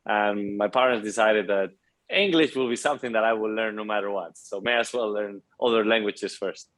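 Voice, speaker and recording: On a rough recording, a man's voice comes through on the low side, fairly bright, at a moderate pace. He's a twenty-something from Spain with a Spanish accent, an eager, upbeat guest in a casual interview who keeps saying "you know."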